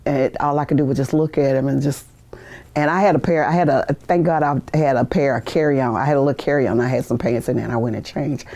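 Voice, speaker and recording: An American woman in her sixties, a veteran, recounts her past in an oral history interview recorded in a university media studio. Her voice is a dark bass, fast and fairly even in intonation. She laughs often and acts out the people she quotes.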